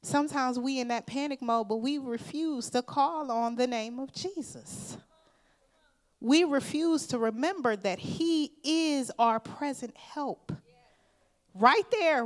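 A woman preaching a sermon. She tells a personal story in an earnest, emphatic way, speaks informally, and addresses the congregation directly as "y'all.". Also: fairly high pitch. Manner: informal, conversational phrasing.

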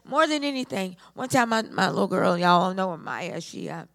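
A woman preacher delivering an impassioned sermon, building repeated phrases up toward shouting. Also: mid-range voice, expressive, moderate pace, creaky.

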